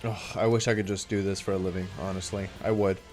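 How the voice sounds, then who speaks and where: A man's voice: deep voice, level tone, fast talker, a little mellow, soft background music. A young adult man streaming a game, chatting casually and reacting aloud to what happens on screen. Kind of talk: casual live-stream chat while gaming.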